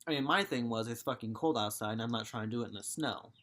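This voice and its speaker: A man's voice: medium pitch, fast talker, fairly bright tone. A young man in his twenties telling a story casually, swearing and exasperated. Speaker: vlogger.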